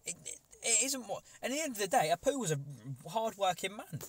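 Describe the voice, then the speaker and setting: A man's voice: high-pitched, fast. A man co-hosting a casual podcast, arguing his opinions animatedly and repeating words as he goes. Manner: animated, argues his point with repeated likes. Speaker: podcast co-host. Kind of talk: casual chat, opinionated discussion.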